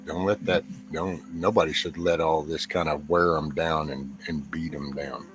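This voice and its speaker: A man with a Texan drawl hosts a loose, rambling chat, clipping his words short as he goes. His voice sits very low. Faint music plays underneath. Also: steady tone, normal speed. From Texas, USA. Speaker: host. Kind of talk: casual chat.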